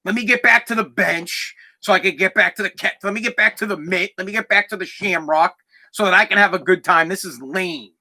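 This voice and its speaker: Bright, high-voiced man near tears. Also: a little fast. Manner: candid, rambling, heavy swearing. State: close to tears. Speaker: podcast host. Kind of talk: emotional personal story.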